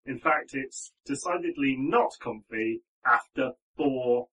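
A man's voice: medium pitch, slow pace, a bit bright, recorded from a distance, rough recording. A man narrating as the game master, rambling along with frequent ums and restarts.

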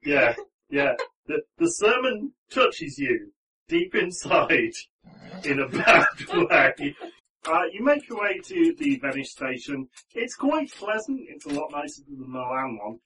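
A man's voice: on the high side, big pitch swings, measured pace, sharp tone, distant mic, rough recording. A man narrating as the game master, rambling along with frequent ums and restarts.

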